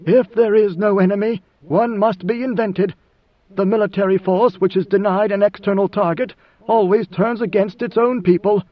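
Man voicing a huge ancient worm god-emperor, slow, solemn, high-pitched, dull lo-fi audiobook sound. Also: steady tone, natural voice. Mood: lecturing. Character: vast ancient god-emperor, part sandworm, commanding. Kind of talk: audiobook character voice. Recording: dull lo-fi recording.

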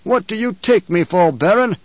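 A man's voice: high-pitched, lively intonation, normal speed, no room sound, voice pushed up. A man voicing a scornful, commanding emperor. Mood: menacing. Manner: loud, commanding, sneering. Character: imperious male emperor, menacing and scornful. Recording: dry, slightly dull audiobook recording.

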